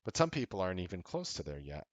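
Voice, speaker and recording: Deep-voiced blunt man giving a pep talk. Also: sing-song, fast, dry recording. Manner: casual and blunt, with frequent swearing; earnest, grows loud and emphatic. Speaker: trading show host. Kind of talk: motivational talk to a live audience.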